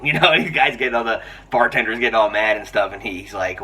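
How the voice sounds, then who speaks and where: A young man giving a casual, excitable film review, rambling with lots of restarts and fillers. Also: on the low side, a little fast, slightly rough, far from the mic. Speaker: movie reviewer.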